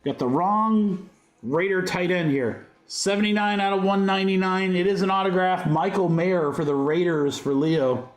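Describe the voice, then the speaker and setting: A high-voiced man gives live card-break commentary in an upbeat, joking patter. His voice rings in a roomy, echoing space. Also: fairly even intonation, normal speed. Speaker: host of a card-break livestream. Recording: roomy echo.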